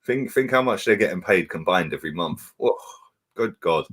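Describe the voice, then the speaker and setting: A man's voice: low-pitched, expressive, moderate pace, a bit bright, husky. A young man, chatting casually on a live stream, reading out viewer comments and laughing often. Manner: laid-back, laughs often, slang-heavy.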